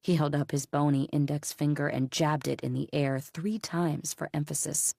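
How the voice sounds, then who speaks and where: A woman reads a mystery audiobook in a low voice with a gravelly edge. Her telling is steady and even. The sound is close and dry. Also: normal speed, few pauses, no echo. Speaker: audiobook narrator. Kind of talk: scripted audiobook narration.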